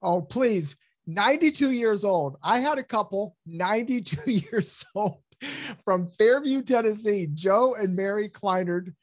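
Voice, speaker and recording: High-voiced, fervent man preaching health. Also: expressive, unhurried. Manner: enthusiastic, preacherly, laughs often. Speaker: health program guest. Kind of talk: podcast interview, testimony and preaching.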